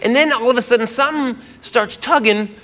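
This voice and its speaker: A man doing stand-up comedy, telling a story with animated delivery and acting out the other voices. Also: very high-pitched, fairly quick. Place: comedy club stage. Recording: comedy club with loud crowd laughter.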